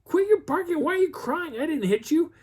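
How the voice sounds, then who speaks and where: A man voicing a groggy, irritated woman who scolds the barking dogs in a sharp falsetto. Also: animated, brisk. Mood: scolding.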